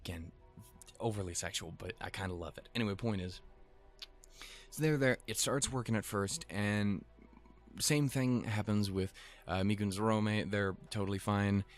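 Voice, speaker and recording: A man's voice: fairly low pitch, normal speed, soft background music. A man casually recapping an anime episode, rambling and swearing freely with chuckling asides. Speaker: anime reviewer.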